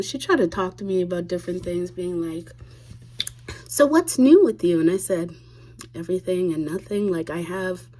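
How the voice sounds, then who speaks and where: A woman's voice: on the low side, dark tone. A young woman vlogging, telling a personal family story in a candid, blunt way, swearing freely and acting out what people said. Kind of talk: casual confessional storytelling.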